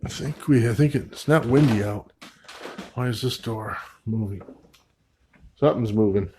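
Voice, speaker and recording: A man investigating an old store at night, narrating to camera and calling out to spirits, swinging from loud calls to hushed asides. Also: on the low side, a little slow, slight background noise. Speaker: paranormal investigator. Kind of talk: solo ghost-hunting vlog narration.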